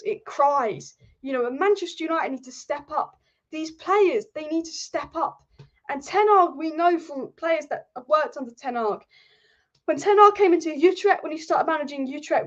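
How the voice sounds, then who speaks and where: A young woman hosting a football fan channel, ranting passionately and swearing freely about her team. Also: high voice. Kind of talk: ranting fan commentary vlog. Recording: slightly dull lo-fi audio.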